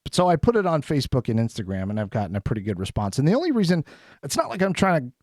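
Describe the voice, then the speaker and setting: Man, casual podcast storyteller, lively swooping voice, somewhat high, dry close sound. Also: racing, dry recording. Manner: animated, acts out quotes in a raised voice. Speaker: podcast co-host. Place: studio.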